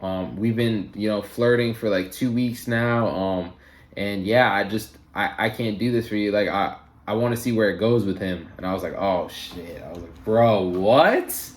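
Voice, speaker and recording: A man's voice: fairly low pitch, steady tone, normal speed, roomy sound. A young man telling a personal story in a casual storytime vlog, heated and full of fillers and swearing. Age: young adult. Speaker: vlogger.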